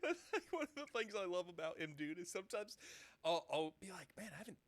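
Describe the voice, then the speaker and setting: Excitable stammering young man, lively pitch. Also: quick pace, no room sound. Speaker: podcast participant. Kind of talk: casual chat. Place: podcast studio.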